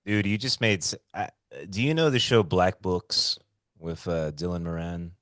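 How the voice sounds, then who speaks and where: A young man hosts a podcast in a laid-back, easy way, swearing casually and calling his guest brother. His voice is lowish and sounds dry and close. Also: moderate pace, a bit bright, dry recording. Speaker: podcast host. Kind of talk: casual chat.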